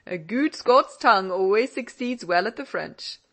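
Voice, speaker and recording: A woman's voice: mid-range voice, expressive, moderate pace. A woman voicing an older Scottish father who indulgently teases his daughter in an audiobook. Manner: indulgent and gently mocking. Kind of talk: audiobook character reading.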